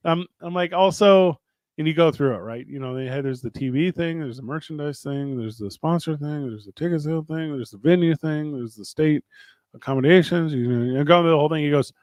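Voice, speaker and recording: A man's voice: a little high, a little fast, darkish tone, no room sound. A man in his thirties, co-host of a talk show, telling stories casually and acting out both sides of conversations with frequent laughs. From St. Louis area, Missouri. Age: 30s. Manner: chatty storyteller, acts out both sides of dialogue, laughs often. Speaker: podcast co-host and wrestling promotion co-owner. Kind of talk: casual chat.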